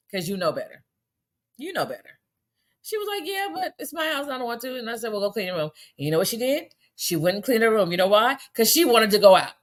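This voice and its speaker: In her casual commentary, this middle-aged vlogger sounds indignant and blunt, preaching in plain terms while her voice leaps upward in exasperation. Her tone is a bit bright.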